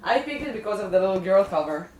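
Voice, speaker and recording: A man's voice: high-pitched, animated, fast, over a noisy crowd. A man co-hosting a podcast, chatting casually in a scattered, playful way. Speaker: podcast co-host. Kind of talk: casual chat. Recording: echoey room, faint background noise.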